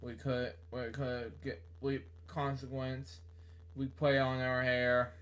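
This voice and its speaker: Casting note: a man reading a book aloud, halting and slow, with many fillers. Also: medium pitch, completely flat delivery, a bit bright. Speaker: book reader.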